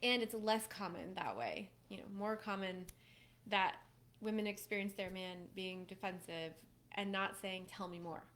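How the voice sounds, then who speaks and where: A woman speaks as a relationship coach to a live audience. Her delivery is casual and animated, with frequent laughs. Now and then she acts out quoted lines in playful voices. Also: medium pitch, unhurried.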